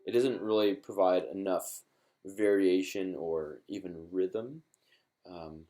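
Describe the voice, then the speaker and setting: A man's voice: deep voice, slow, warm tone. A man teaching ukulele in a live-streamed lesson. He is encouraging and chatty, with many fillers and restarts.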